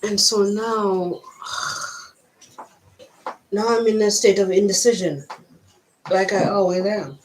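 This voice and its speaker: A woman with a mixed American and Jamaican accent, talking to camera in a personal vlog, reflective and halting as she thinks aloud. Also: mid-range voice, fairly even intonation, noisy background. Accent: mix of American and Jamaican. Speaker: vlogger.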